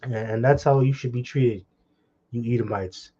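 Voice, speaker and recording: A man's voice: mid-range voice, steady tone, mellow, dull audio. A man preaching online, reading scripture aloud and commenting with heated, scornful remarks and crude insults. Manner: reads scripture slowly, then comments fast.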